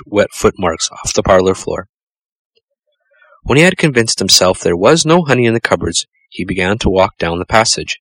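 A man narrating a children's storybook in a measured, gentle storytelling manner. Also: low voice, dry recording, poor audio. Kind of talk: storybook reading.

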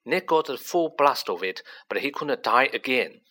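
A man reading aloud, voicing an excited young male student who reasons urgently and eagerly. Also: mid-range voice, normal speed. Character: excited boy wizard, quick-thinking young male student.

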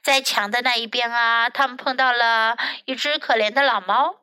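High, bright woman reading a children's story. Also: fairly even intonation, moderate pace, smooth, dry recording. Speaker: English teacher reading a bilingual storybook.

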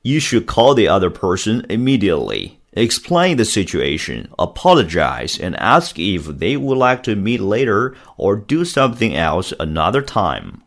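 A man with a lowish voice reads an English lesson script, his pitch moving in a lively way. His delivery stays plain and instructive. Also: normal speed, vocal fry, hardly any pauses.

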